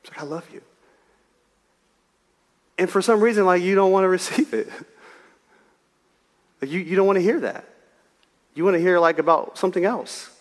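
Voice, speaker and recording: A man delivers a sermon with lively, joking, conversational energy, his voice sitting a little high. Long reverb trails each phrase, as in a church hall. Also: fairly quick, pauses often. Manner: animated, conversational preaching with humor. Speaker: pastor.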